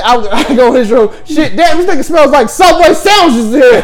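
A young man telling a wild story in casual podcast chat, profane and animated, breaking into laughs. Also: extremely high pitch, normal speed, crowd noise.

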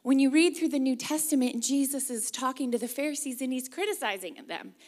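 A woman's voice: sits high, fairly quick, a little mellow. A woman from the Pacific Northwest preaching a sermon, earnest and leading the congregation in reading along. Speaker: guest preacher.

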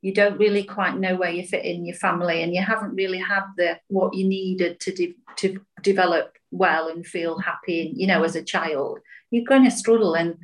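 A middle-aged woman chats as a podcast guest. She speaks in a fairly low voice and lays out her thoughts in a gentle, reflective way. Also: fairly even intonation, normal speed. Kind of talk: casual reflective chat.

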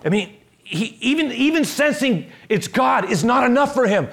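A man pastor delivering a sermon, telling a story with animated re-enactments. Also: sits high, moderate pace. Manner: animated storytelling, acting out scenes.

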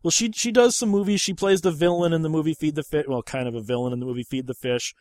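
A man's voice: on the high side, quick pace, darkish tone, no echo. A man hosting a podcast, chatting casually about movies, rambling and swearing freely. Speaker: podcast host.

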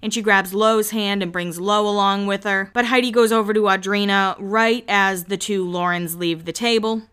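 A woman chatting casually as a podcast host, recapping a reality show and quickly acting out what people said. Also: medium pitch, fairly even intonation, fairly bright tone, smooth. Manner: chatty, quotes people in quick acted voices.

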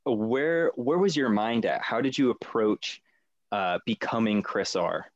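A man's voice: on the low side, measured pace, no echo, lo-fi sound. An eager man co-hosting a podcast, chatting with a guest. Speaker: podcast co-host. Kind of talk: casual podcast chat.

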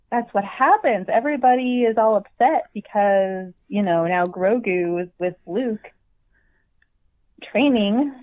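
A woman's voice: medium pitch, no room sound. A woman guest in a casual podcast chat, rambling with a wry, self-deprecating manner over a phone call. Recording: tinny dry phone line.

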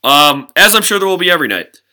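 A man co-hosts a relaxed podcast chat. His voice is very bright and a touch high. He recaps with easy laughter. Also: fast talker. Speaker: podcast co-host. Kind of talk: casual chat.

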